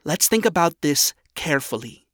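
A man voicing a blunt, skeptical woman who lectures her friend in a measured way. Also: fairly high pitch, sing-song, a bit bright, no room sound, clean studio sound. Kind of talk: audiobook character voice.

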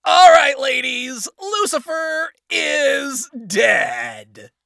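A man's voice: high voice, sing-song, a little slow, vocal fry, dry recording, clean studio sound, voice pushed up, heavily acted. A man doing a brash, mocking angel commander. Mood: shouting orders. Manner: loud, mocking and shouting. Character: brash cruel male angel commander, gleeful.

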